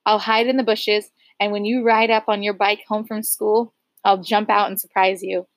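A woman reading aloud voices a patient father softly coaxing his grieving young daughter. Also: mid-range voice, level tone, normal speed, no echo, close to an everyday voice. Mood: gentle coaxing.

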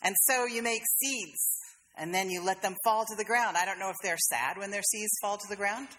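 A woman's voice: mid-range voice, moderate pace, a bit bright, long reverb tail, slight background noise. A woman pastor, preaching a sermon in a conversational, storytelling way with playful asides. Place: church sanctuary.

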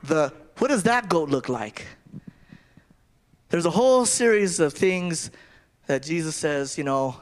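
Fairly high-pitched and expressive, the preacher keeps a measured pace and pauses often. He preaches conversationally, frequently repeating himself and starting his phrases again.

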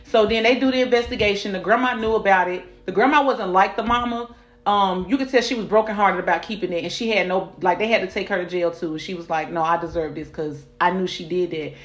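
A woman's voice: medium pitch, quick pace, roomy sound, highs cut off. Blunt, profane young woman cohost. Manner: blunt, profane retelling with emphatic asides. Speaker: podcast co-host. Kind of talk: casual chat.

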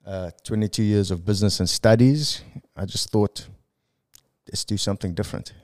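A South African man in his forties, a podcast guest talking in an easygoing, reflective way with frequent pauses. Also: lowish voice, a little mellow. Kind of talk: casual podcast conversation.

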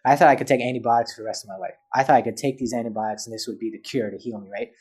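A man's voice: mid-range voice, very fast, darkish tone, husky. A man as a podcast guest, telling a personal story in casual chat and acting out both sides of past conversations.

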